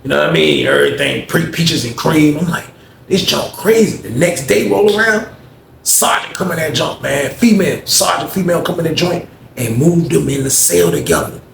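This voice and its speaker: A man's voice: a little high, a little fast, gravelly, a little hiss or hum. Slangy man telling a story. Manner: slangy, animated, addresses listeners as y'all. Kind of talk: casual storytelling. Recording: echoey room with faint ambience.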